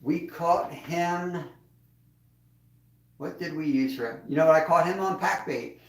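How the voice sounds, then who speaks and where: A relaxed man with a twang chats casually on his livestream, his fairly high voice sitting back from the mic. The sound bounces around an echoey room, and he chuckles as he answers his viewers. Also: a little slow, distant mic. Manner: laid-back, chuckles, reads chat aloud. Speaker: livestream host.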